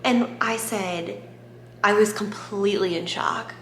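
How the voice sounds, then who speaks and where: A woman, chatting to camera in a gushing vlog, repeating herself when excited. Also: mid-range voice, slow pace. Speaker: vlogger. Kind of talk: casual chat to camera. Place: home at night. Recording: echoey room, faint background noise.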